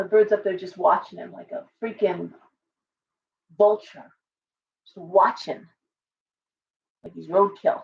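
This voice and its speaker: A woman's voice: medium pitch, creaky, a little hiss or hum. A woman giving a casual live tarot reading, blunt and chatty, full of asides and restarts. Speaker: tarot reader. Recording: distant, dull lo-fi sound.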